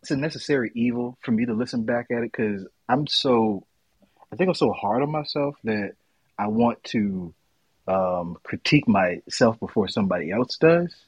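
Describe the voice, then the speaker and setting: A man co-hosting a podcast in casual, candid chat, with a deep radio voice and laughing asides. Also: moderate pace, husky, dry recording, poor audio. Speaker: podcast co-host.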